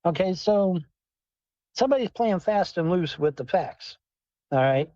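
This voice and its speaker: A man with a higher pitch and a mellow, dark tone rambles profanely through a livestream, answering the chat from his car. The sound is dry and lo-fi. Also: lively intonation, unhurried, no room sound. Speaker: livestream host. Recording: dull, dry lo-fi stream audio.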